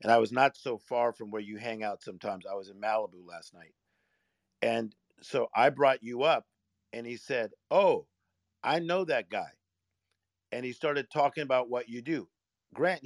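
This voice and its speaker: An enthusiastic man heaps praise on the others in a casual chat. His voice sits at an ordinary middle pitch, and it sounds close and dry. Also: no echo. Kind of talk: casual chat in an online audio room.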